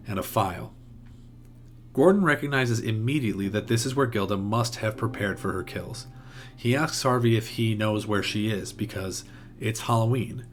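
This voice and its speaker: A man narrating a plot outline in a steady recap tone, with the odd small restart. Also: medium pitch. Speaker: video essay host.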